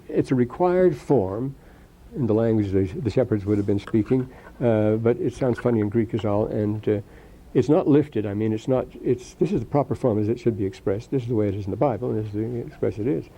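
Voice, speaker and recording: A man's voice: mid-range voice, mellow, rough recording. An older man giving a rambling classroom lecture, with many restarts and asides.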